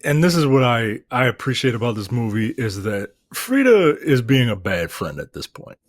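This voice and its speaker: A man's voice: mid-range voice, sing-song, normal speed, dry recording, clean studio sound. A man co-hosting a film podcast, reasoning aloud with many restarts as he weighs a character's choices. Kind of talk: casual discussion.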